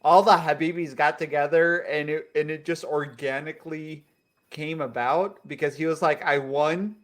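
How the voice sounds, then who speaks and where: A male podcast co-host in casual chat, his voice pitched a bit high. He riffs loosely, running on and swearing freely. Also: fairly even intonation, normal speed, a bit bright. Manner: rambling, profane riffing.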